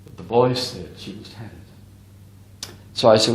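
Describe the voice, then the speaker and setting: A man's voice: fairly low pitch, normal speed, slight background noise. A man giving a spiritualist lecture as a medium, telling a story earnestly and emphatically to a live audience. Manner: earnest, emphatic, often addresses the audience directly. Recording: echoey hall recording.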